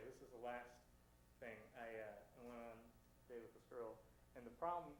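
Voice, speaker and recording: A man hosting a comedy show, telling self-deprecating dating stories on stage and acting out both sides. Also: medium pitch. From Seattle area. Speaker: stand-up comedian and show host. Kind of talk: stand-up comedy set. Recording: roomy club sound, faint hum.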